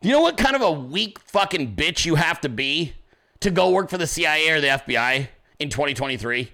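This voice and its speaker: A furious male commentator who hosts his own show and tears into his targets with profanity and sarcasm. His voice is high and cutting, and the delivery sounds forceful and tense. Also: expressive, brisk. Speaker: host of a political commentary show. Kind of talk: profane political rant.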